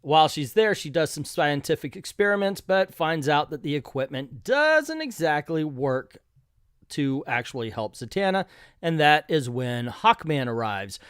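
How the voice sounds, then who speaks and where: A man's voice: on the high side, sing-song, unhurried, a bit bright, smooth, no echo, clean studio sound. A man reviewing an old comic book, reading it aloud with casual, joking, self-deprecating asides.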